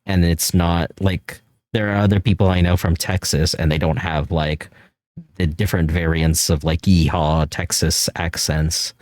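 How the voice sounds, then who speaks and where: Low-pitched man, neutral American accent, rambling livestream chat, dry close mic. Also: fairly even intonation, unhurried, darkish tone, no room sound. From California. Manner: rambling, loose, swears often, laughs a lot, voice jumps high when joking. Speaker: streamer. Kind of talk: casual livestream chat while drawing.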